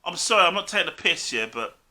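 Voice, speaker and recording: Blunt, swearing man with bright voice. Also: sits high, big pitch swings, fast talker. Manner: blunt, swears a lot, says mate constantly. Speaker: co-host. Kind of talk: casual football chat.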